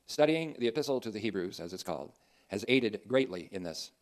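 A man's voice: on the low side, lively intonation, fairly quick. A man preaching a sermon in an earnest, emphatic way, with dry asides.

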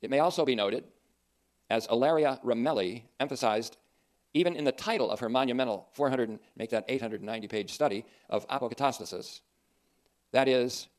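A man delivers a sermon in an earnest, emphatic way. His voice sits at a middling pitch, and he drops in dry asides as he goes. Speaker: preacher.

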